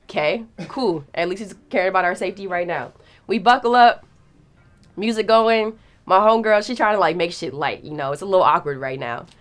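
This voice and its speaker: A young woman telling a story in a casual, animated way, acting out the quotes and swearing freely. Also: on the low side, brisk.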